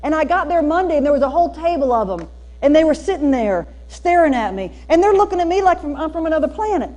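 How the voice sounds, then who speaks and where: A woman with a Southern US drawl tells stories to a room of teachers, her voice sitting high. She is folksy and animated, and she leans hard into her punchlines. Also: fast. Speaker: speaker at a teacher training day. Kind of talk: storytelling keynote talk. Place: church hall used for a school district training.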